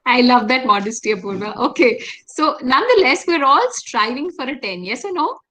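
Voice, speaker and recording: A woman with an Indian English accent runs a workshop over a video call, speaking in a fairly high voice. She keeps checking in with her listeners and asking them questions as she guides them through it. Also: sing-song, normal speed, pushed and bright, rough recording. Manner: engaging, asks the audience frequent questions. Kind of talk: interactive online workshop session.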